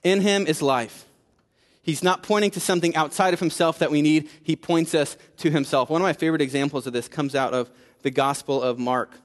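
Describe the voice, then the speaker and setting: A man preaching a sermon in a conversational style, building to emphatic peaks and dropping low for asides. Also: steady tone, quick pace, long reverb tail. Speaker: pastor.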